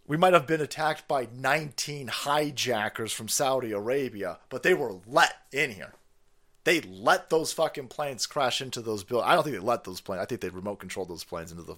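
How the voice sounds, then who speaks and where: A man's voice: medium pitch, sing-song, normal speed, a bit bright. A man hosting a stream, ranting in angry, swearing, mocking commentary on a played clip. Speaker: stream host.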